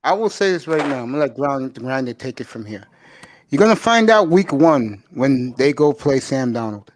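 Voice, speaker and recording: A man's voice: mid-range voice, big pitch swings, normal speed. A man hosting a casual sports talk show, giving confident, opinionated takes. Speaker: podcast host.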